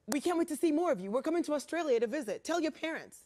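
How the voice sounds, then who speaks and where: A morning news host interviewing a guest in a playful, joking way with quick asides. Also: high-pitched, lively intonation, darkish tone.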